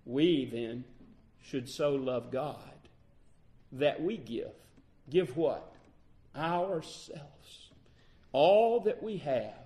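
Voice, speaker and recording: A man preaching with a fairly high voice and an unhurried, deliberate pace. He swings from loud, high exclamations down to slow, soft passages, drawing out key words for emphasis. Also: lively intonation. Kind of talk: sermon.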